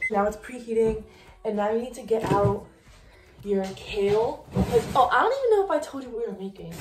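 In her home kitchen, a young woman with a mid-range voice chats casually while vlogging a cooking session. Her talk is scattered and full of "like." Music plays underneath, and the background is noisy.

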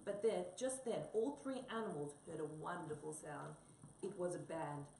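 A woman reads a children's storybook aloud with animation. Her voice is a little low. The recording is distant and echoey, with a faint background hiss. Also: moderate pace, vocal fry. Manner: animated reading. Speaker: reader.

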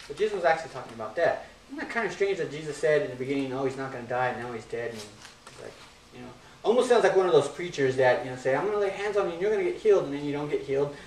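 A man's voice: mid-range voice, fast talker, a little hiss or hum. Pastor, male, easygoing conversational sermon delivery, joking asides, roomy hall sound, mic at a distance. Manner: casual, conversational preaching with jokes and asides.

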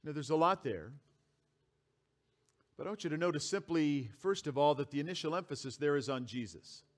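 A man's voice: a little high, animated, brisk. A man preaching a sermon as pastor, reading scripture aloud and repeating key phrases for emphasis. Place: church sanctuary.

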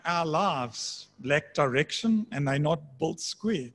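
A man preaching a sermon in a conversational way, slowing down to read scripture aloud. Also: fairly high pitch, expressive, fairly bright tone. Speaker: pastor.

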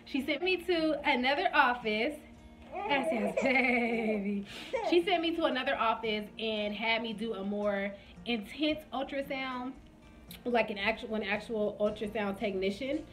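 A woman's voice: on the high side, moderate pace, music in the background. Chatty young woman telling her story. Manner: chatty, addresses viewers directly; animated retelling with quoted dialogue. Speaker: vlogger. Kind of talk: casual storytime vlog.

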